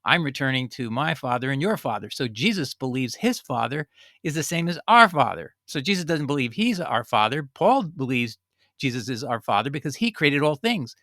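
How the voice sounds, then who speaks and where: A man's voice: medium pitch, very animated, normal speed, fairly bright tone, dry recording, studio quality. A man giving an informal, earnest Bible study, reading scripture aloud and explaining it in a conversational way. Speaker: Bible teacher.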